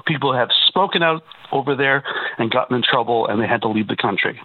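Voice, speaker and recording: A man's voice: mid-range voice, fast talker. A man calling in to a radio talk show, talking emphatically and repeating himself as he presses his point. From Canada. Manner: emphatic, repeats words, rising to insistence. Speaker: caller. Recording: tinny phone line on radio.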